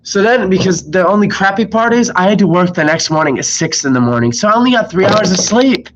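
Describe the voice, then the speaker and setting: A young man, sick, telling rambling, exasperated stories about his fast-food job on a live stream, swearing constantly. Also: high-pitched, lively intonation. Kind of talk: casual live-stream storytelling. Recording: slightly dull lo-fi mic with faint noise.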